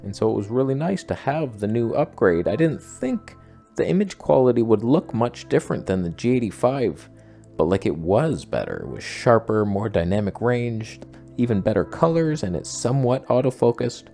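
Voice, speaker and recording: A man's voice: normal speed, gravelly, faint music behind. A man casually rambling about his camera gear in a self-mocking vlog. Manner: rambling, self-mocking, animated with sudden pitch jumps. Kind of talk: casual talking-head vlog.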